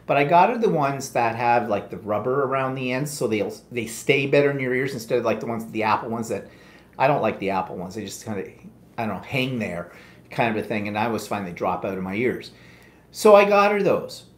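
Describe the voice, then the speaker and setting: A man's voice: medium pitch, animated, fairly quick, echoey room. A man co-hosting a live quilting stream, telling long rambling stories in a casual chatty way with many asides. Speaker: co-host of a live quilting show.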